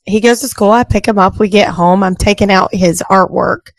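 Female radio co-host, mid pitch, lively storytelling, close dry studio sound. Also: normal speed, dry recording, low-quality recording. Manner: animated storyteller, laughs at her own story. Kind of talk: casual morning radio chat, telling a story. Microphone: studio microphone.

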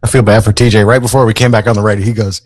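A man's voice: lowish voice, little pitch movement, racing, no room sound. A man co-hosting a morning radio show in a studio, telling stories and bantering in an amused, chatty way.

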